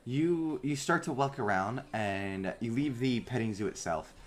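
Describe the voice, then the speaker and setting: A man narrating as game master, describing scenes in a loose, rambling way. His voice sits at an average pitch. He leans on fillers and restarts as he goes. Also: unhurried.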